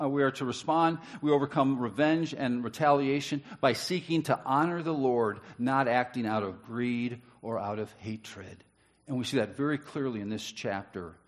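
A pastor delivering a sermon in an earnest, emphatic way, reading scripture aloud and adding light humor. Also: male voice, on the high side.

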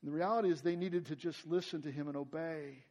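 A pastor delivers a sermon at a quick pace in a steady tone. When he drives a point home, his voice rises in both volume and pitch, and in prayer it sinks to something soft and quiet.

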